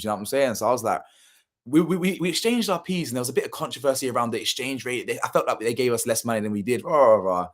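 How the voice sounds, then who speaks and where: A man's voice: mid-range voice, expressive, rapid-fire. A young man, telling a story casually and animatedly, full of slang and swearing, acting out what people said. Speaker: channel host.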